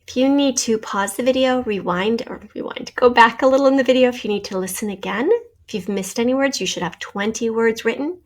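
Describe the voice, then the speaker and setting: A woman's voice: fairly high pitch, fairly quick. A woman teacher giving a spelling lesson to young pupils, patiently sounding out letters and syllables for a class video.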